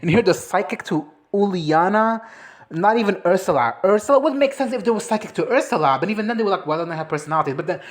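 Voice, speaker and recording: A woman chatting casually as a movie reviewer, animated and swearing, breaking into quick impressions of characters. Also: medium pitch. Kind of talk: casual reaction chat.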